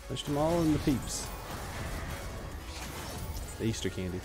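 A man giving live commentary while playing an online shooter, excitable and joking, trash-talking his opponents. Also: mid-range voice, normal speed, pauses often. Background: faint background music.

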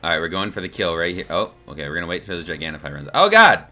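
A young man giving live, excitable gameplay commentary to his chat, swearing and laughing as he plays. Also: deep voice, rapid-fire. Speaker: streamer.

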